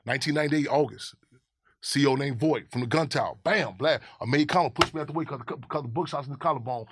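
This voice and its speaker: A man's voice: mid-range voice, fast talker, a bit bright, breathy edge. A man from Chicago, a guest in a casual interview, telling stories in a rambling, profane way and often repeating his words.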